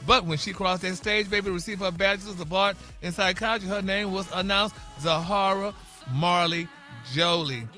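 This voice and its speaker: A man's voice: sits high, quick pace, few pauses, faint music behind. A man hosting a celebrity gossip segment on morning radio. He is chatty and opinionated, and he calls everyone "honey," "baby" and "y'all.". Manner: animated, opinionated, bickers with co-hosts.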